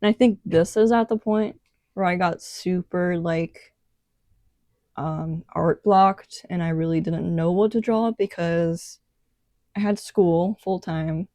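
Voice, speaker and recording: A young woman who vlogs about art gives a casual tour of her sketchbook, rambling in a relaxed way with lots of "um" and "like." Her voice is warm, mellow and on the low side, and she talks slowly. The recording is close and dry, without any room echo.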